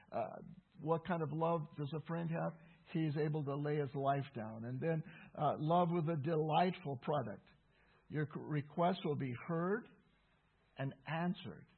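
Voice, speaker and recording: Male pastor, sermon delivery, husky tone, emphatic repetition, lo-fi phone-like recording. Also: a little high. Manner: earnest, emphatic, repeats key phrases. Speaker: preacher. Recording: tinny phone-like sound.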